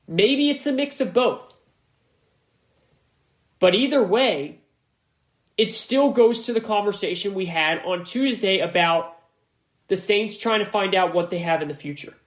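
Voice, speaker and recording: A man's voice: sits high, echoey room. A man hosting a solo sports podcast, talking casually and stressing his points by repeating them. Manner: casual and conversational, with slang. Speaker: podcast host.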